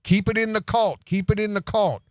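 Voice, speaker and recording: A man's voice: high-pitched, normal speed, no room sound, studio quality. Sarcastic profane man ranting. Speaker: commentary show host. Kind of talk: ranting commentary.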